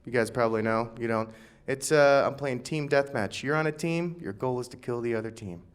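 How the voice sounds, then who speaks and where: A man in his twenties doing a stand-up set, telling a story with animated delivery and acted-out dialogue. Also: mid-range voice, fairly quick, clear, resonant tone. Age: 20s. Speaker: stand-up comic.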